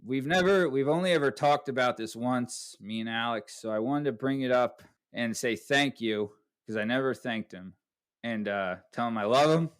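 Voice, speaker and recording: A man's voice: mid-range voice, normal speed. A man hosting a podcast, telling a story casually and profanely, tagging lines with "right?". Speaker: podcast host.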